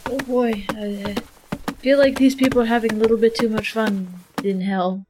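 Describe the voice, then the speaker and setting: A woman's voice: a little high, fairly even intonation, normal speed, background noise. Stammering woman at a tabletop game. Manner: hesitant and stammering. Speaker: tabletop player.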